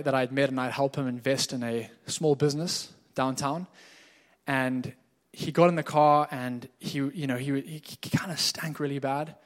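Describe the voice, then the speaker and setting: A man preaching a sermon as a pastor, telling stories in a candid, conversational way. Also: mid-range voice. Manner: conversational storytelling, candid and informal. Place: church hall. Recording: echoey hall.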